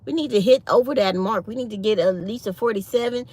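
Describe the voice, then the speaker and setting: A woman's voice: medium pitch, quick pace. A woman, hosting a casual morning chat for her channel and telling stories with acted-out quotes. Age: 50s. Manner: animated storytelling with acted-out quotes. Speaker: channel host. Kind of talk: casual chat to live viewers.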